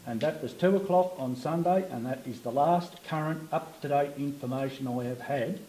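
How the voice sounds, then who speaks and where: Frustrated man with a dark voice. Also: mid-range voice, normal speed, a little hiss or hum. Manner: frustrated, emphatic. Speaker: local resident at a community meeting. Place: community hall. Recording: echoey hall.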